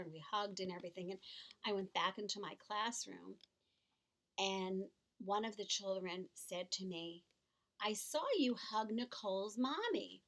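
A middle-aged woman co-hosting a podcast, speaking earnestly and warmly about a serious topic, often repeating words as she goes. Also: medium pitch. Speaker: podcast co-host.

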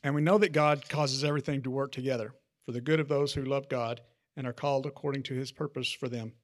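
A man reading scripture aloud to a small group in a steady, plain manner. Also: medium pitch, fast.

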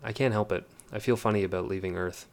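A man's voice: fairly low pitch, steady tone, fast, natural voice. A man voicing a wistful, uneasy mother. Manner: subdued, sad.

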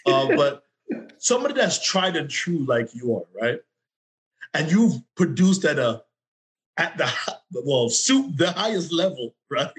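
A fairly high-voiced man from Jamaica co-hosts the conversation. He asks long, winding questions in an animated, casual manner. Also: a little slow, low-quality recording. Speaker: co-host. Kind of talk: casual interview talk.

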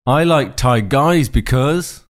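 A man hosting a relaxed podcast interview, with a voice at an ordinary mid pitch. He prompts his guest with drawn-out sentence starters, like a quiz. The talk is easygoing and friendly. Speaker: podcast host. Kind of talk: casual interview chat.

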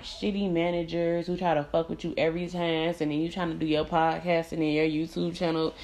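A young adult woman hosting her own podcast, telling candid, profane stories in casual chat and acting out the people she quotes. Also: sits low. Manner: candid, profane, animated storytelling with quoted voices. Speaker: podcast host. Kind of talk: casual storytelling monologue.

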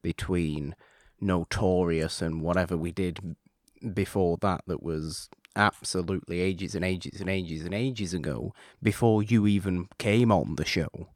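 A man hosting a podcast, chatting casually and rambling with self-mocking humor and sudden excited bursts. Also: low voice, a little slow, hardly any pauses, dry recording, studio quality. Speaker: podcast host. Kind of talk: casual chat.

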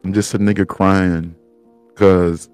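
A man's voice: sits low, little pitch movement, slow pace, darkish tone, smooth, no echo, soft background music. A man crying while rambling through a profane personal monologue on his own show, breaking into laughs. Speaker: podcast host.

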